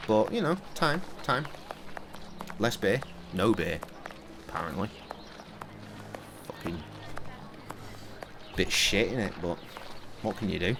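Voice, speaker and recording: A man's voice: lowish voice, lively intonation, slow pace, long pauses, noisy background. A young man streaming a video game, rambling and swearing in a self-mocking, casual way. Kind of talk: casual gameplay commentary.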